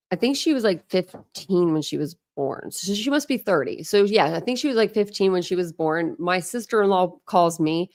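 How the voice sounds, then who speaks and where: A woman's voice: on the low side, no echo, clean studio sound. A middle-aged woman chatting casually on a livestream, gushing and rambling as she shows family photos.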